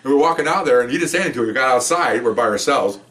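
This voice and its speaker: A man's voice: mid-range voice, animated, very fast, a bit bright, recorded from a distance. A middle-aged man, a retired police officer, rambling through a story in casual talk and voicing the people in it. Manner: rambling, acts out quotes in a raised voice.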